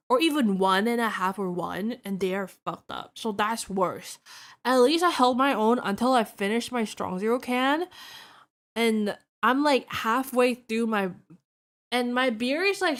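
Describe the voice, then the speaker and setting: A young woman streaming casually while tipsy, sleepy and rambling, swearing a lot. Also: fairly high pitch. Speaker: vtuber streamer. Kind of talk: casual drinking stream chat.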